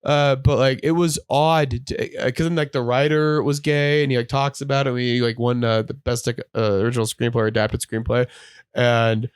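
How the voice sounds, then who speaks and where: A man's voice: mid-range voice, little pitch movement, normal speed, clean tone, no room sound, studio quality. A man hosting a podcast in casual chat, rambling with lots of "like" and acting out quoted voices as he retells stories. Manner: rambling, heavy use of "like". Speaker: podcast host.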